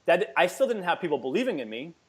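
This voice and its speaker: A man in his forties telling a story as a podcast guest in an energetic, emphatic way, often repeating words. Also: a little high, fast talker, husky. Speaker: podcast guest, fitness entrepreneur. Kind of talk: casual storytelling interview.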